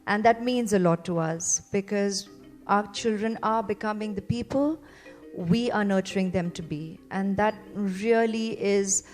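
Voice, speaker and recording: A woman in her forties from India, a parent giving a heartfelt testimonial speech to a seated audience, earnest and gentle, with many fillers and repeated phrases. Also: medium pitch, unhurried, soft background music. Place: event venue before a seated audience.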